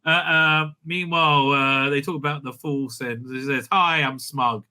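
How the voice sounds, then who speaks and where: A man's voice: on the high side, fairly even intonation, moderate pace, pushed and bright, clear, resonant tone. A man hosting a casual spoken review, sarcastic and crude, with many hesitant fillers. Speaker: show host, reviewer.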